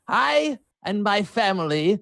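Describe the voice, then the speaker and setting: A man's voice: high-pitched, big pitch swings, takes it slowly, creaky, sharp tone, dry recording, clean studio sound. A man speaking formally and politely in character during a tabletop game. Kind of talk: in-character tabletop role-play.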